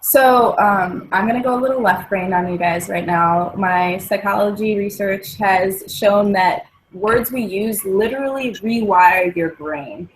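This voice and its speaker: A woman speaks in an earnest, explanatory way, walking listeners through her mantras with everyday examples. Her pitch sits in the middle range. A faint noise runs under the recording. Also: measured pace, hardly any pauses, poor audio. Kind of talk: casual chat.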